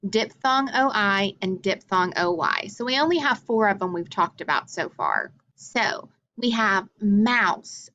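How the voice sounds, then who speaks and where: Slow, deliberate woman teaching phonics. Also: mid-range voice, sing-song, bright, forceful tone, highs cut off. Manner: slow, deliberate drilling of letter names. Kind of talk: recorded phonics lesson for children.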